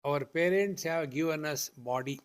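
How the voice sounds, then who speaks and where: An older man with an Indian accent gives a spiritual discourse, slowly repeating rhetorical questions. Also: a little high. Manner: slow, deliberate, repetitive teaching with rhetorical questions. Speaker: spiritual teacher.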